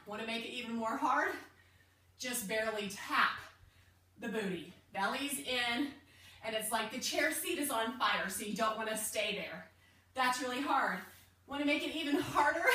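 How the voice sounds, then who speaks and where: A woman's voice: fairly high pitch, pushed and bright, a little hiss or hum. Breathless, upbeat woman fitness coach, echoey room. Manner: upbeat, encouraging, chatty between moves. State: out of breath while exercising. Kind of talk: at-home workout instruction. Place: room at home, indoors. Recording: echoey room, far from the mic.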